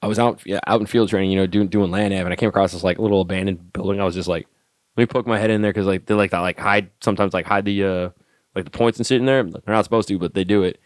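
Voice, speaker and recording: Brief: male soldier guest, very deep voice, dry close sound, swears freely while acting out dialogue. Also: quick pace, no room sound. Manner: profane, animated storyteller acting out dialogue. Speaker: podcast guest, army staff sergeant. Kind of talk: casual storytelling.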